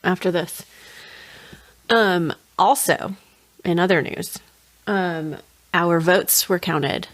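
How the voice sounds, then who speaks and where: Woman co-host, relaxed and teasing, lowish voice, dry room. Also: slow pace, pauses often, no room sound. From Saint Louis. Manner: easygoing and teasing. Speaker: podcast co-host. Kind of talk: casual chat. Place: closet.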